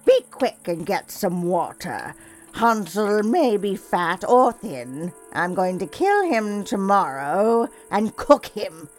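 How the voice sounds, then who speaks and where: A woman voicing a cruel old witch in a storybook reading, drawing her words out slowly and gloatingly. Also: mid-range voice, sing-song, faint music behind. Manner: slow, drawn-out, gloating. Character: cruel old witch luring children, jeering.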